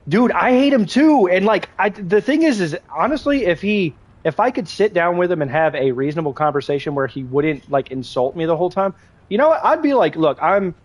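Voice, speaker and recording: A young male gaming livestreamer, his voice on the high side, rants while playing at home on a game console. His heated, swearing commentary rambles and keeps restarting.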